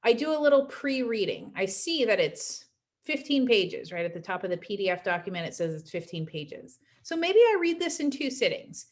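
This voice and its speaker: Her mid-range, sing-song voice moves at a moderate pace as she teaches a class in a casual recorded lecture. She's chatty, often tacking on "right?" to check in with her students.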